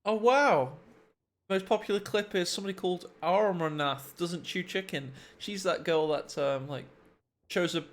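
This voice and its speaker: A man's voice: high voice, normal speed, a bit bright. A man casting a live strategy game stream, joking, laughing and reading out subscriber names. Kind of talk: casual live game commentary. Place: home streaming setup.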